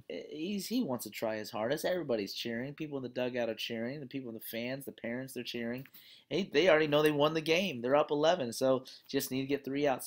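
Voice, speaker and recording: Earnest storytelling course instructor. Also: mid-range voice. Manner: conversational storytelling with fillers; earnest and encouraging. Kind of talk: closing lecture with a story.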